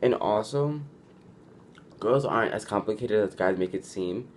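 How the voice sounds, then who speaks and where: Young dude vlogging advice, lowish voice, says like a ton, super casual. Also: male voice, a little slow, slight background noise. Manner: chatty, heavy use of "like", restarts, acts out quoted lines.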